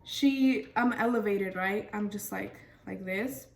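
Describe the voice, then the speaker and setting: A woman's voice: mid-range voice, slow pace, vocal fry. Young female vlogger, casual storyteller, filler-heavy delivery, recorded a little off-mic. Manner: chatty, lots of fillers and "freaking". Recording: voice a bit far from mic.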